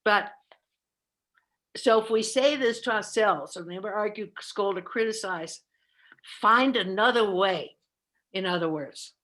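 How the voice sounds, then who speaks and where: Casting: middle-aged woman trainer, earnest, mid-pitched, often restarts phrases. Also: measured pace, long pauses, a bit bright. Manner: earnest, self-correcting, repeats words. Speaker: caregiving trainer. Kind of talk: presentation with discussion.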